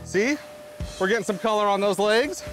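A man's voice: high voice, normal speed, a bit bright, faint music behind. A man who paints and details cars at a restoration shop, explaining his work steps in a plain, matter-of-fact way. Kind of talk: reality show interview and work commentary.

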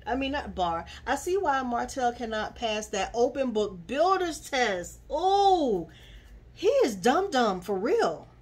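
A woman with a slightly high, husky voice recaps a reality show in casual commentary. She is sassy and animated, and she scolds the people on screen as she goes. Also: takes it slowly.

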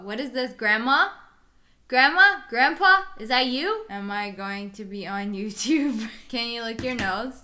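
Young female host, teasing webcam banter, bright tone. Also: medium pitch. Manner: playful teasing, quick laughs. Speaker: video host chatting with strangers. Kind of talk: casual chat on a webcam.

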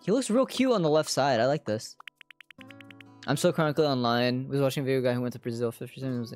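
A woman streamer casually narrating her own moves in a video game, chatty and self-deprecating, now and then breaking into loud squealing yells. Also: a bass voice, fast, soft background music. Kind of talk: casual livestream gameplay commentary.

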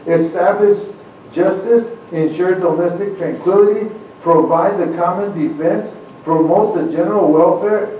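A man's voice: sits high, mellow, a little hiss or hum. A man addressing a congregation, reading old founding documents aloud and talking earnestly between them, often stopping to repeat his words. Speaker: church speaker. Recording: very echoey room, speaker far from mic.

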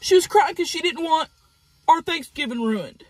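A woman vlogger telling a crude story in a fast, animated way while eating. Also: high-pitched, no echo.

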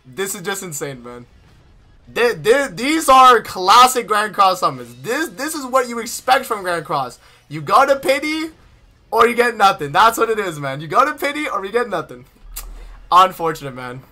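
A man's voice: high-pitched, sing-song, moderate pace, sharp tone. A young man streaming a mobile game, reacting to his summons in casual, exasperated commentary full of slang and laughter. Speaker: gaming streamer. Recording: faint game music behind. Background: game music.

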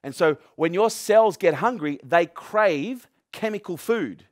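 A middle-aged man gives a punchy motivational talk to a live crowd. His voice sits a little high, and he swears for emphasis and fires questions at the room. The sound is dry and close, with almost no room echo. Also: lively intonation, unhurried. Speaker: motivational speaker.

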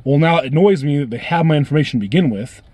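A man venting on camera in a heated, profane rant, circling back over the same complaints. His voice sits a little high yet sounds dark and mellow. The sound is close and dry. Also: animated, racing, breathy edge, dry recording. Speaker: vlogger. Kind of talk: angry ranting story.

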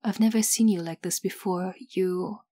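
A woman reading a calm, firm woman commander. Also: moderate pace, dry recording, lightly acted. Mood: soft. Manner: low, soft and firm.

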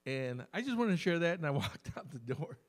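Brief: male pastor at a church service, slightly higher voice, chatty storytelling sermon with slow emphatic stresses. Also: big pitch swings.

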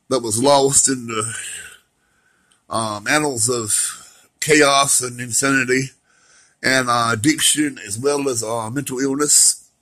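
A middle-aged man's medium-pitched, slightly bright voice carries a heartfelt, rambling, slangy vlog monologue about his recovery, emotional and personal in tone. The audio is poor.

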